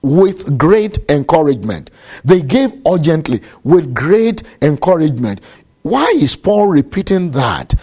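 A man preaching a sermon, measured and deliberate, repeating key phrases for emphasis. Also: sits high, dark tone.

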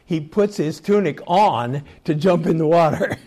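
Slow, reflective male Bible teacher. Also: fairly high pitch, dark tone. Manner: slow, reflective storytelling with chuckles; reads scripture aloud.

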